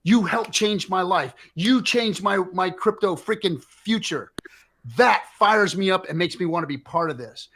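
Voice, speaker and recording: A man's voice: sits high, measured pace, fairly bright tone. Fired-up, profane middle-aged male host. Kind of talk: impassioned livestream rant.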